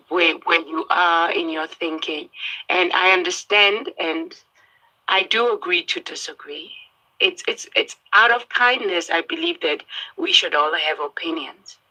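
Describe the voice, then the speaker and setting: A woman in her thirties, a guest on a talk show, speaking calmly and politely in a measured way. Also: lowish voice, poor audio. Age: 30s. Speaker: guest seeking advice. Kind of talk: conversation.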